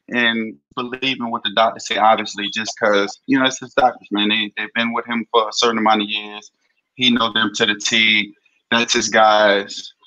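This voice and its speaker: A young man from New Orleans, a former football player, telling his story in an interview with blunt, profane, animated speech. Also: mid-range voice. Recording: dull lo-fi audio.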